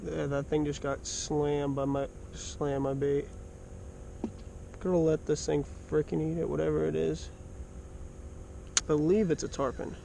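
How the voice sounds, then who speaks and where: A man filming his own fishing trip from a small boat, muttering quietly while he waits and shouting in excited bursts when fish strike. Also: a little high, unhurried, gravelly, pauses often, slight background noise. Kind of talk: casual fishing vlog commentary.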